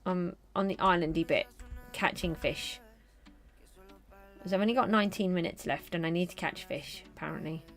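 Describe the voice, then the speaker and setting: Chatty woman gamer with a gravelly voice. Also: on the low side, normal speed, faint music behind. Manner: chatty, talks to viewers and to the game. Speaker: streamer. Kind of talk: casual live gameplay commentary.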